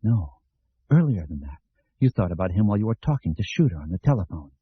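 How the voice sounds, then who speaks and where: A man's voice: sits low, big pitch swings, quick pace, breathy edge, dull audio, full character voice. A man voicing a shaken male writer talking to himself after a nightmare.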